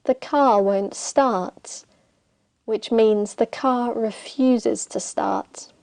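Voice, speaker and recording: Woman reading a grammar lesson, slow and careful, soft mellow tone, dry close sound. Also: fairly high pitch, creaky, dry recording. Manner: slow, deliberate, reads example sentences aloud. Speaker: English teacher. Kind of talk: scripted grammar lesson narration.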